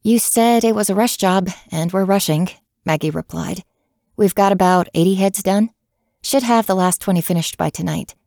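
A woman voicing a gruff, centuries-old female blacksmith who talks bluntly and plainly. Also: medium pitch, moderate pace, a little mellow, no room sound, studio quality, close to an everyday voice. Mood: plainspoken.

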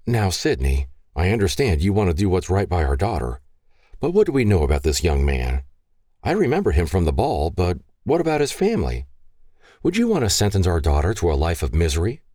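A man's voice: low voice, wildly swooping pitch, fairly quick, mellow, no echo, studio quality, heavily acted. A man voicing a worried mother who reasons urgently with her husband.

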